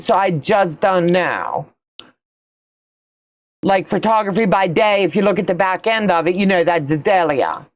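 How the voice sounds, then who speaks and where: A middle-aged woman hosts a casual quilting livestream, chatty and folksy as she responds to viewer comments. Her voice is lowish and unhurried.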